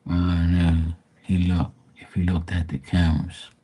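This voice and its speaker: A man's voice: low-pitched, little pitch movement, moderate pace, warm tone, husky. A man giving live tarot readings, talking bluntly and profanely, with emphatic restarts. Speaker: tarot reader.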